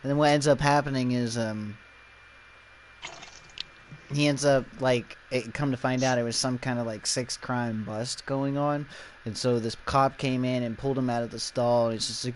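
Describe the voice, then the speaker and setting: A man in casual podcast chat, retelling a comic scene and acting out the characters in loud, raised voices. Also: mid-range voice, steady tone, moderate pace, slight background noise. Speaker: podcast co-host.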